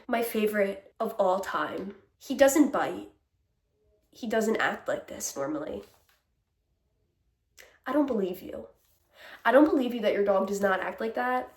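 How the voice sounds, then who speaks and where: A young woman vents in a loose, candid monologue, fed up and quick to curse. Her voice sits a little high, and the room around her rings with echo. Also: distant mic. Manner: candid, exasperated, laughing, swearing freely. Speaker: vlogger. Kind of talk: casual ranting monologue. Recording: echoey room.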